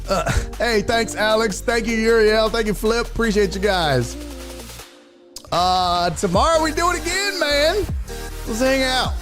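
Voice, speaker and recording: Animated, jokey male stream host. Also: measured pace, music in the background. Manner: animated, jokey, swings pitch wildly. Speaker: sports talk show host. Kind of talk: casual livestream chat, reading chat comments.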